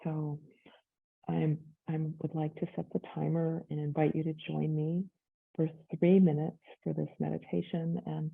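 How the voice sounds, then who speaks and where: A woman yoga instructor giving gentle, inviting guided meditation instructions. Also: deep voice, vocal fry, breathy edge. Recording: tinny phone-like sound.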